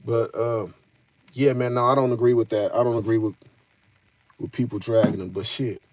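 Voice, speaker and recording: A man hosts a casual live stream. His voice is mellow and dark, and he speaks at an everyday pitch. He talks loosely in slang and keeps calling out to his chat. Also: steady tone, normal speed, no echo. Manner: loose slangy talk, addresses chat directly.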